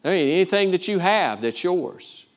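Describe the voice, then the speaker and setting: A man's voice: sits high, lively intonation, moderate pace. A man from Georgia, preaching a sermon as pastor, stressing points by repeating phrases and calling out "Amen?" to the congregation. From Georgia, USA.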